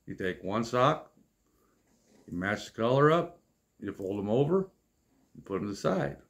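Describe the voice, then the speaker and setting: A man in his late fifties tells comic stories in a relaxed, chatty way. He sounds exasperated and deadpan, with dry wry asides. His voice sits in a middle pitch. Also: a little slow. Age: 50s. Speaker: storyteller vlogger. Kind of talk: casual comic storytelling.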